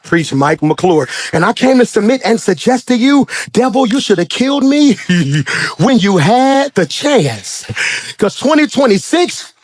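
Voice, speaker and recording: A man preaching a sermon as pastor, swinging from shouted high points to low, quiet asides and acting out characters. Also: very animated, no echo. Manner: acts out characters in quick dramatic voices.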